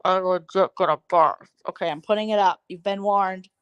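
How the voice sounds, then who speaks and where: A woman vlogger talks casually on a late-night live stream, recorded on her phone at home. She giggles often and reacts with big dramatic groans, in a mid-pitched voice. The sound is dry and close, with no room echo. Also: moderate pace, clean tone, lo-fi sound. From Southern California. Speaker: vlogger hosting a live chat. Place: at home, settled somewhere comfy.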